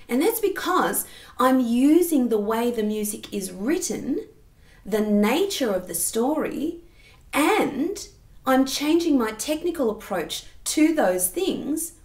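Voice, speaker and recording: A woman's voice: a little high, reverberant. A woman giving an online singing lesson, explaining technique and stopping to sing short demonstration phrases. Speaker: singing teacher.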